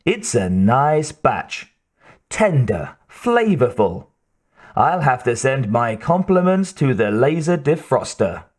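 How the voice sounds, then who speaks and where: Man doing a teasing joker crewman, slow mocking jabs. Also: medium pitch, sing-song. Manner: mocking, playful.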